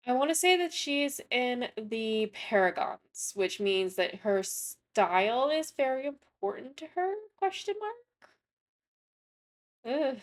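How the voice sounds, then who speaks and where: A young woman talks casually over her gameplay in a somewhat higher voice. She rambles, trails off, and restarts her sentences, filling the gaps with plenty of ums. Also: lively intonation, slow pace. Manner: rambling, chatty, frequent self-corrections and fillers. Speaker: gaming content creator.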